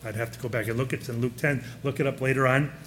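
A man's voice: mid-range voice, fairly even intonation, quick pace, fairly bright tone, slight background noise. A man preaching a sermon in a conversational way, often putting questions to his listeners.

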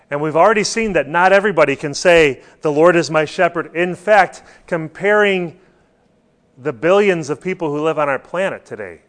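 A man's voice: on the high side, fairly bright tone. A man preaching a sermon, stressing points and putting questions to his listeners. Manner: rhetorical questions to the congregation, emphatic.

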